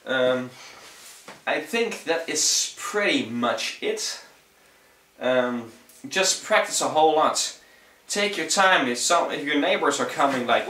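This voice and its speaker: A young man with a Dutch accent talks through a casual how-to in loose, swearing, easygoing English. His voice is bright and forward, though he sits back from the mic in an echoey room. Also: on the high side, animated, takes it slowly, distant mic. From Netherlands. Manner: rambling, profane, laid-back. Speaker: vocal tutorial vlogger.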